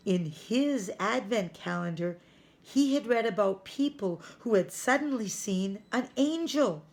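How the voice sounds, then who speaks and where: A woman teacher reading a chapter book aloud to children, careful and clear. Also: mid-range voice, animated. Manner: slow, careful read-aloud.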